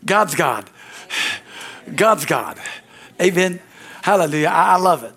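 A pastor with a high-pitched, fairly bright voice preaches a sermon with fervent energy. He peppers his lines with amen and hallelujah and breaks into quick acted-out dialogues.

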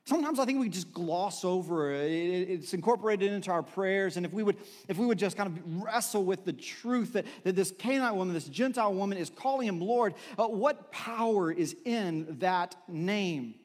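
A man's voice: high-pitched, normal speed, hardly any pauses, darkish tone, long reverb tail. A man preaching a sermon in a conversational, storytelling way, with filler words and restarts. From Texas. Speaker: pastor.

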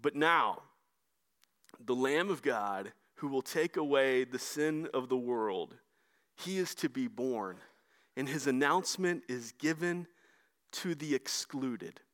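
A man preaching a sermon in a conversational way, moving between brisk stretches and slow, emphatic lines. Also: medium pitch, expressive, fairly bright tone. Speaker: pastor.

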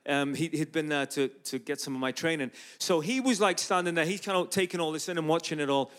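A man's voice: on the high side, brisk. A man from Ireland, preaching in a church and telling a story with lots of acted-out dialogue. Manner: animated storyteller who acts out dialogue. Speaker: guest preacher and street evangelist. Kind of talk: storytelling sermon.

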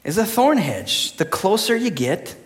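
A man's voice: high voice, unhurried. A young adult male pastor preaching a sermon, joking and acting out quotes as he tells stories. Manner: animated storyteller, jokey, acts out quotes. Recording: long hall reverb.

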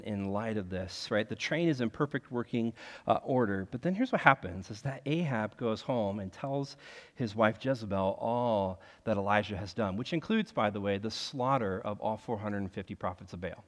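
A man preaching a sermon in an animated, conversational way, leaning on the word "like" as he talks. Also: medium pitch, moderate pace, in a large hall. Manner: animated, conversational, heavy use of filler "like". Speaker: pastor.

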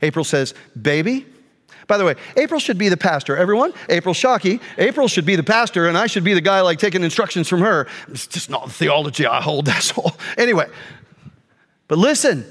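A middle-aged male pastor telling a personal story in a sermon, animated, jumping between quiet asides and loud outbursts. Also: sits high, fairly quick. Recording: long hall reverb.

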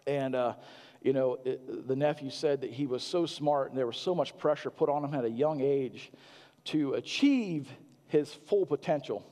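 A male pastor preaching a sermon in a halting, earnest way, full of restarts and fillers. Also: mid-range voice, dark tone, long reverb tail.

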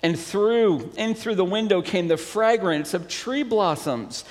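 High-voiced pastor in an echoey hall. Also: male voice. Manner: unhurried, expressive storytelling with wide pitch swings. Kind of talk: sermon with a story read aloud.

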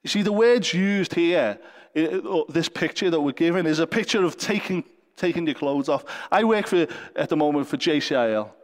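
A man preaches a sermon in a high, bright-pitched voice, earnest and conversational with occasional gentle jokes. His words ring out with a long church-hall reverb. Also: expressive, moderate pace. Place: church service.

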